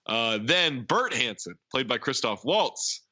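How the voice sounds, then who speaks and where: A man's voice: medium pitch, measured pace, no echo. A man co-hosting a podcast, casually retelling a film's scenes with lots of quoting and asides. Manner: animated retelling with quoted lines. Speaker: podcast co-host. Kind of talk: casual movie recap chat.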